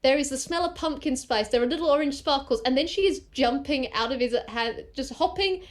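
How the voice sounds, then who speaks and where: A woman narrating her character in a tabletop actual play, animated and swearing freely. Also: high voice, fairly quick. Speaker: player in a tabletop game.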